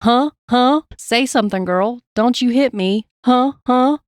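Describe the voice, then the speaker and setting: Taunting guy's lines read flat by a woman, dry close sound. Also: a little high, a little slow, no room sound, pitched above the performer's own voice, lightly acted. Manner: flat reading of a transcript, little character. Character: menacing adult male abductor, taunting.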